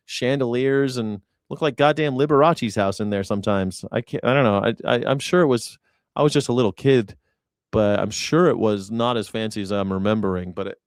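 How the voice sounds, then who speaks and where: A man's voice: medium pitch, a little fast, dry recording, clean studio sound. A man hosting a news reaction show, rambling in a casual, profane way and laughing often. He grew up in the United States. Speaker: host.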